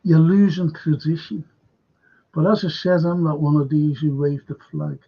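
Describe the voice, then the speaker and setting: A man's voice: a little high, normal speed, muffled recording. A man with a Scouse accent from Liverpool, hosting a livestream in a blunt, rambling monologue full of restarts and swearing. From Liverpool, England. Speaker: livestream host.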